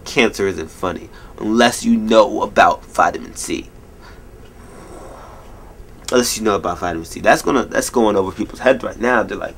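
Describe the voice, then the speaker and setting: A man in his twenties rambling jokily through a late-night vlog at home, telling stories in an animated way. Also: on the low side, normal speed. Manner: rambling, jokey, animated storytelling. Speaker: vlogger.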